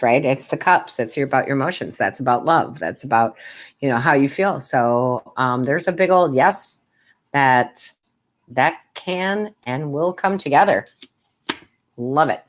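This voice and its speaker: A woman with a low-pitched, unhurried voice gives tarot readings on a live stream as a medium. She's chatty with her viewers, often laughing and calling them sweetheart and love.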